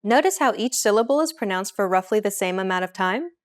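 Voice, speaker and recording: A woman hosts a language lesson in a calm scripted narration. She explains each point clearly and at a measured pace, with her voice sitting in an ordinary middle range. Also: mid-range voice. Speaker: host.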